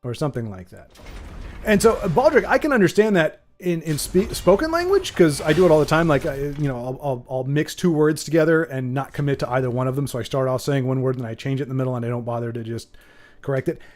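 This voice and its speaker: A man's voice: fairly high pitch, quick pace, a little mellow, a little hiss or hum. A man hosting a livestream, talking in a rambling, playful, self-correcting way to his chat. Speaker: streamer host.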